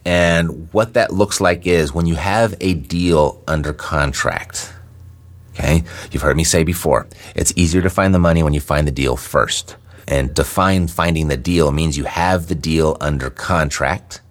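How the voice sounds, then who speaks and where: A man explaining real estate investing in a relaxed teaching talk, often checking in with "right?". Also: a bass voice, measured pace. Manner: conversational, checks in with "right?" often, some fillers.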